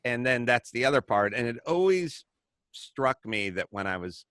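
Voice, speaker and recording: A middle-aged man hosting a talk show, telling stories in a casual, animated way, acting out the people he quotes and swearing freely. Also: medium pitch, normal speed, no echo, studio quality. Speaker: podcast host. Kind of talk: casual storytelling chat.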